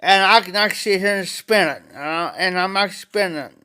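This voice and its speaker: A man with a drawl chats on a casual livestream, unhurried and rambling. His voice sits fairly high, with a bright, clean tone. He stops now and then to greet viewers by name. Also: clear, resonant tone. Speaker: pipe-smoking livestream host. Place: auction house, former bar room.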